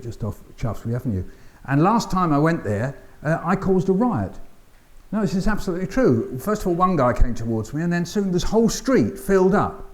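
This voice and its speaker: Older London man telling stories. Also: on the high side. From England. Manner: animated storyteller, acting out voices and sounds, dry humour. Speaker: keynote speaker. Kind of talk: storytelling keynote speech. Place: conference hall.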